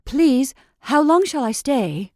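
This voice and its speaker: A woman's voice: sits high, very animated, takes it slowly, mellow, no echo, clean studio sound, voice pushed up, exaggerated voice. Woman doing a timid, pleading scarecrow. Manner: pleading, anxious, raised voice. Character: timid, lonely scarecrow, anxious and eager.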